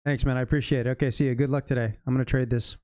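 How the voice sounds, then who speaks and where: A man talks casually over a live trading stream in a dark, mellow voice, muttering and cursing at his own mistakes. The sound is dry and close, with no room echo around it. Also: medium pitch, fairly even intonation, very fast. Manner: frustrated, swearing, self-critical muttering. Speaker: livestream day trader.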